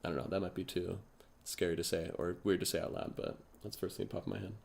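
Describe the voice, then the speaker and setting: A man with a somewhat low voice chats in a relaxed interview. He is jokey and thinks out loud as he goes. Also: fast talker, gravelly. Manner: chatty, jokey, thinks aloud. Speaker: comedy performer being interviewed. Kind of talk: casual interview chat.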